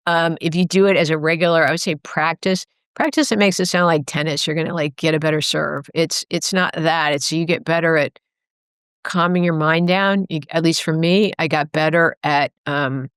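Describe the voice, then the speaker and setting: Interviewed as a guest author, a middle-aged woman reflects earnestly, wandering slightly and fixing her own words as she talks. Her voice is low-pitched and smooth. It comes through a remote call microphone, yet it's studio quality and echo-free.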